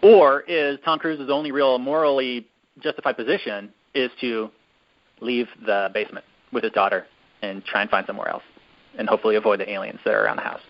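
A male host retells a story in a casual, rambling way, with plenty of fillers and long pauses. His voice sits at a middle pitch. The recording is muffled and lo-fi. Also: fairly even intonation. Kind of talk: casual chat. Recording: dull lo-fi recording.

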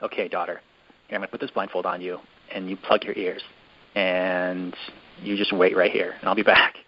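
A man quoting a hushed, pleading father. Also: low-pitched, little pitch movement, normal speed, breathy edge, pitched below the performer's own voice. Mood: hushed urgent. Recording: dull lo-fi recording.

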